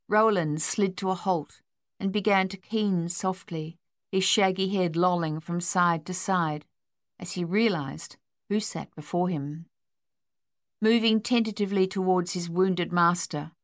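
A woman narrating a novel in a measured, steady way. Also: on the low side, no room sound, studio quality. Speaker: audiobook narrator. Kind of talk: scripted narration.

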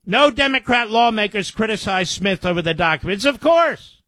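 Man, political talk host, high voice, indignant and sarcastic, dry close sound. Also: lively intonation, brisk, pushed and bright, no echo. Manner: indignant, sarcastic asides between quoted reports. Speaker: radio show host. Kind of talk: political commentary, reading news aloud.

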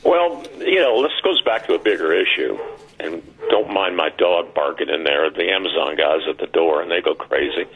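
A man's voice: deep voice, animated, moderate pace, a crowd in the background. A man talking as a guest in a casual interview over the phone, making his points emphatically and repeating them for effect. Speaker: guest, former radio executive. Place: home with a dog nearby. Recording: tinny phone line.

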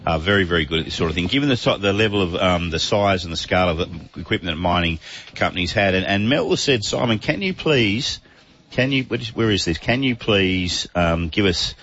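A man hosting a casual radio chat, easygoing and quick to laugh. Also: low-pitched, expressive, a bit bright, slight background noise. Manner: chatty, laughs easily. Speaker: radio host. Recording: muffled radio broadcast audio.

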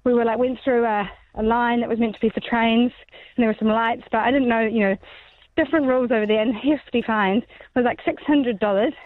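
A woman's voice: on the high side, steady tone, a little fast, dry recording. A woman calling in to radio, telling a story in a chatty way. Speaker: caller. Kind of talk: phone-in anecdote. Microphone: phone line. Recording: tinny phone line.

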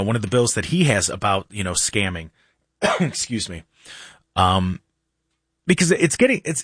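A middle-aged man hosting a radio talk show, telling stories in a lively casual way and acting out what people said. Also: mid-range voice, husky, no room sound, studio quality. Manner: animated storyteller, acts out quotes.

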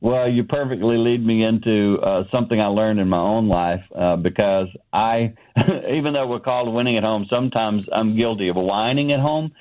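A middle-aged man tells a story from his own life with earnest warmth, slipping into quoted lines as he goes. His voice comes through a narrow, tinny phone connection. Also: lowish voice, normal speed. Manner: earnest, animated storyteller who acts out dialogue. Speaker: ministry founder, guest. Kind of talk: telling a personal story on a radio show. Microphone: remote line.

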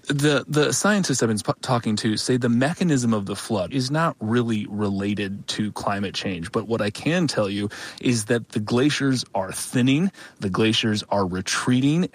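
A man reporting live from a flood zone, measured, with occasional fillers and restarts. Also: mid-range voice, husky, dry recording. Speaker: field reporter. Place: outdoors near a flood zone.

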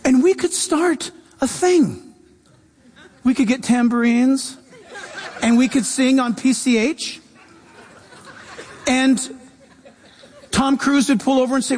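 A pastor preaching a sermon, animated, swinging between loud and soft. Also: male voice, very high voice, slow pace, pauses often, husky, in a large hall, a faint crowd.

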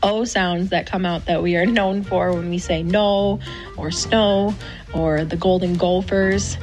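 A woman's voice: lowish voice, steady tone, a little slow, darkish tone, faint music behind. A female caller from Minnesota with a Minnesotan accent, explaining how she speaks.

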